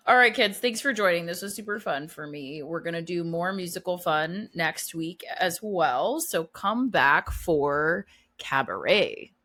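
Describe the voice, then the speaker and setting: A woman's voice: fairly low pitch, expressive, unhurried, bright, forceful tone. A woman co-hosting a casual movie podcast, easygoing and agreeable, laughing often. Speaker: podcast co-host. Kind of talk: casual chat.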